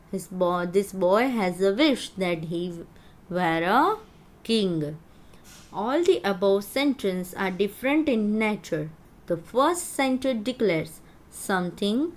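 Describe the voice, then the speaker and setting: A woman teacher giving a grammar lesson to schoolchildren, explaining slowly and spelling out words. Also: medium pitch.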